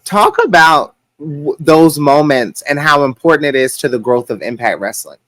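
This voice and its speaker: A man co-hosting a podcast, asking questions in a steady, conversational way. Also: fairly high pitch, normal speed, dry recording. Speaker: podcast co-host. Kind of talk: casual interview.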